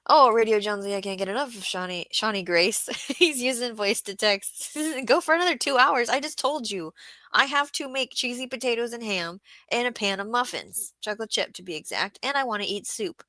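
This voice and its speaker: A woman's voice: medium pitch, brisk, few pauses, pushed and bright, no room sound. A woman hosting a casual livestream about market gardening, chatting and reading viewer comments aloud.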